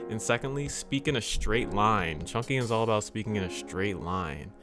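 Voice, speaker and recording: Man teaching American accent, low voice. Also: normal speed, music in the background. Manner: demonstrates phrases with exaggerated robotic and smooth readings; relaxed, chatty, laughs at himself. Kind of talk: casual video lesson.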